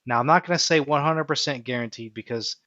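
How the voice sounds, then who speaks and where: A man hosting a live stream, walking viewers through his reasoning out loud and often checking in with "right?". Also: mid-range voice, quick pace, no room sound, highs cut off. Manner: thinks aloud, tags points with "right?". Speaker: live-stream host teaching stock options. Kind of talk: unscripted live-stream walkthrough.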